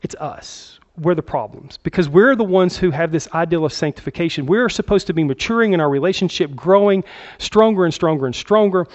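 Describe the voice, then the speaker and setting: A man's voice: a little high, animated, a little fast, a little mellow, muffled recording. A male pastor preaching a sermon in a conversational way, often checking in with "okay?". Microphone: handheld microphone.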